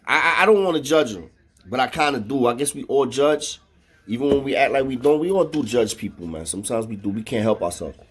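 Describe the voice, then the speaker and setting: A man's voice: mid-range voice, husky. A man tells a long story in a loose, casual way. His talk is full of slang and swearing, and he keeps checking in with his listener as he goes. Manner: slangy and profane, with frequent "know what I mean".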